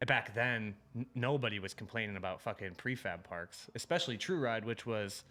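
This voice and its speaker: A fairly low-pitched, animated man with a sharp tone and moderate pace, in his thirties and from Illinois. He's a pro BMX rider guesting on a podcast, laid-back and swearing a lot as he tells stories full of quoted exchanges.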